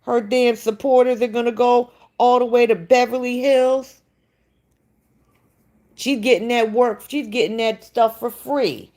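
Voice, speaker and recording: A woman's voice: a little high, fairly even intonation, dark tone. A woman hosting a live stream, gossiping and answering chat comments in a casual, opinionated way. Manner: slow, gossipy, talks back to chat readers. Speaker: livestream host.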